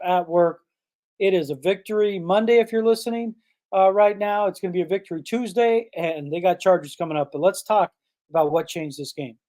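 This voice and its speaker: A man's voice: high-pitched, a little mellow. A man hosting a sports podcast, talking in a casual, emphatic way and firing off rhetorical questions. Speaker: podcast host.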